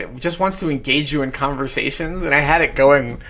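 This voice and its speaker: Bright-voiced man co-hosting a podcast. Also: medium pitch, normal speed. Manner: chatty, rambling with restarts and fillers. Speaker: podcast co-host. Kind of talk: casual real estate podcast chat.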